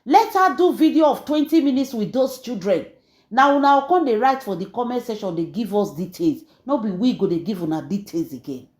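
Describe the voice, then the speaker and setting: A woman's voice: a little high, lively intonation, brisk, a little mellow, echoey room. A Nigerian woman hosting a gossip channel, talking in a chatty, mocking way as she mixes Pidgin and English in celebrity gossip commentary.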